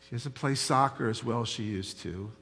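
A man preaching a sermon as pastor, telling folksy stories and building to loud, emphatic points. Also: mid-range voice, moderate pace, background noise. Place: church sanctuary. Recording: long hall reverb.

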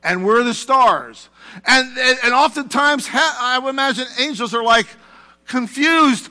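A man's voice: very high-pitched, expressive, unhurried, sharp tone, long reverb tail. A male pastor preaching a sermon in a church, talking conversationally with asides to the congregation. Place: church sanctuary.

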